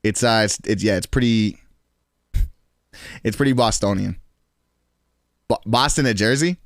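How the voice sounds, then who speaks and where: A man's voice: on the low side, a little slow, dry recording, clean studio sound. A man in his twenties with a New York accent, chatting loosely and profanely with his stream viewers, laughing often. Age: 20s. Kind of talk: casual chat with stream chat.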